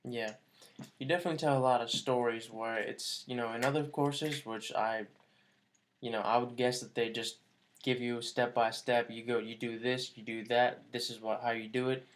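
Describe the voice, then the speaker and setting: Laid-back young man, mid-pitched. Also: normal speed. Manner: relaxed, hesitant, lots of fillers. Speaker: course student. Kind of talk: casual testimonial chat.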